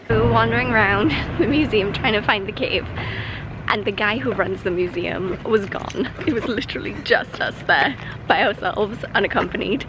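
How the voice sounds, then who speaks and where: A young woman from the UK, chatting excitedly as a travel vlogger and giggling through her stories. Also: medium pitch, normal speed, background noise. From United Kingdom. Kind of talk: casual travel vlog chat. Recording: loud background music.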